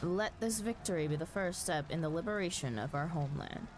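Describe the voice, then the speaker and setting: A woman's voice: fairly low pitch, fairly quick, a little hiss or hum, close to an everyday voice. A woman voicing a defiant male rebel leader who gives a rallying battle speech. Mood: rousing. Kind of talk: reading game dialogue aloud.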